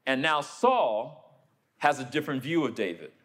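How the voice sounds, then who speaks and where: A man preaching a sermon, telling a story and acting out the people in it, then turning quiet and low for a personal confession. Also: animated, normal speed. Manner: storytelling, acts out the people he quotes.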